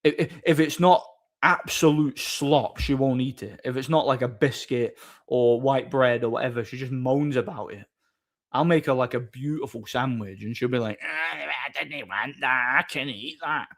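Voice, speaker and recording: A man's voice: mid-range voice, fairly even intonation, normal speed. Rambling male streamer. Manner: opinionated, rambling, repeats words while thinking. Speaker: streamer host. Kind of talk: casual chat answering viewers.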